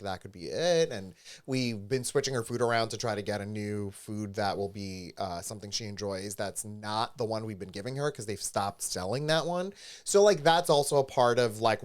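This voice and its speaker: A man's voice: lowish voice, smooth. A man co-hosting a podcast, telling a story animatedly in casual chat and acting out the voices of the people he quotes. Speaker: podcast co-host. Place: studio with a live stream.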